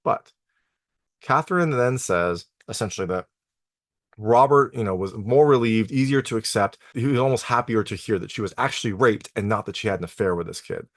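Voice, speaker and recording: Guy doing a casual tv episode recap, kinda low voice, says like and you know a lot, dry sound. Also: expressive, brisk, no room sound. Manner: conversational, lots of "like" and "you know" fillers. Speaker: TV review host.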